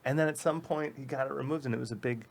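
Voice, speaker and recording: A man's voice: medium pitch, fast talker, vocal fry, slight background noise. A man co-hosting a podcast, joking and bantering casually with his guest. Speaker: podcast co-host.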